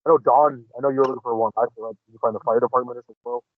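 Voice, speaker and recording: Relaxed man chatting as a podcast guest. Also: mid-range voice, very fast, no echo. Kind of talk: casual chat. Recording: dull, lo-fi sound.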